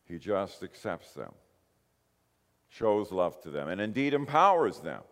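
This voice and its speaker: A man preaching a sermon, telling the story in a lively way and acting out the quoted lines. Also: deep voice, a little slow. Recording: long hall reverb.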